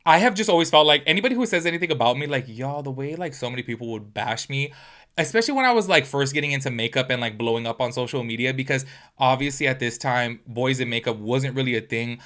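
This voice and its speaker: A man's voice: mid-range voice, fast talker. A man hosting a reaction video, talking in a casual, gossipy way with lots of "like" and "y'all". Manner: animated, chatty, full of "like" and "y'all".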